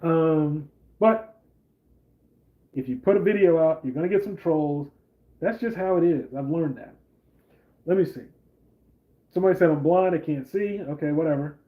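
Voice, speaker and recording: A man's voice: on the high side, normal speed, long pauses, narrow, tinny audio. A man hosting a casual political commentary vlog, talking in a rambling, conversational way with lots of fillers. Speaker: channel host.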